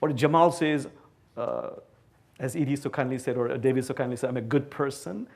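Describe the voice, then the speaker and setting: A man from Bangladesh, giving an animated, playful public lecture to a live audience. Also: medium pitch, a little fast, vocal fry. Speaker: guest speaker. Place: talk before a live audience.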